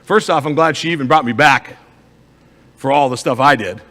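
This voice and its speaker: A man's voice: medium pitch, normal speed, sharp tone. Emphatic man speaking on a hall stage. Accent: Upper Midwest American. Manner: emphatic, rhetorical questions to the crowd. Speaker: motivational speaker and life coach. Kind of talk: live pitch talk to an audience.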